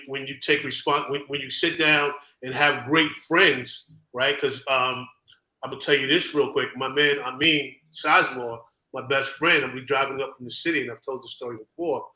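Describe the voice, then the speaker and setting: A man's voice: mid-range voice, pushed and bright. A man co-hosting a casual talk show, speaking emphatically and often backing up his partner. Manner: emphatic, frequent affirmations. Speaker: podcast co-host. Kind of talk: casual chat. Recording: roomy echo.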